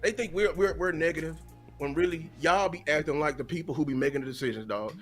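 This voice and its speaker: A man's voice: on the high side, fast, soft background music. A man content creator ranting angrily and profanely on a watch-party stream, with stumbling repeats. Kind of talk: heated casual rant.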